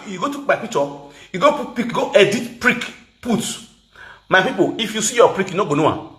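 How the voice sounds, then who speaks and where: A man with a Nigerian accent giving an animated, mocking rant to camera, mixing Pidgin and local words and laughing as he goes. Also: high voice, a little fast, roomy sound. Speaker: social media personality.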